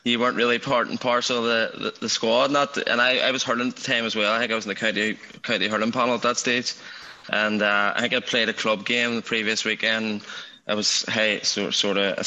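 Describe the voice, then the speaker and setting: Northern irish guy in his 30s, lowish voice but bright and punchy, rambling casual podcast chat. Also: rough recording. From Northern Ireland. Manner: rambling, self-deprecating storytelling. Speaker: podcast guest, retired footballer.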